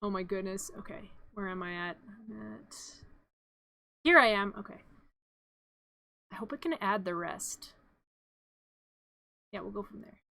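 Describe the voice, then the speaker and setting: A woman's voice: mid-range voice, unhurried, creaky, pauses often, sharp tone, no room sound. A woman streamer retelling a film as a comedy bit, playful and rambling, with frequent asides.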